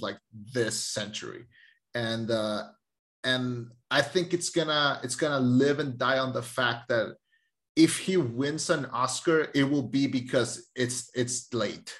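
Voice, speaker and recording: A young man co-hosting a casual film review chat, animated and jokey, stammering into quick bursts. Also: mid-range voice. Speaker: film review podcast co-host.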